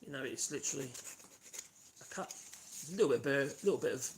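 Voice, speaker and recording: During a casual live woodworking demo from his home workshop, a Norfolk man from the East of England speaks at a quick pace in an animated, medium-pitched voice. He rambles, chats, and hums as he works on his channel's noisy stream, with sanding and tool sounds in the background.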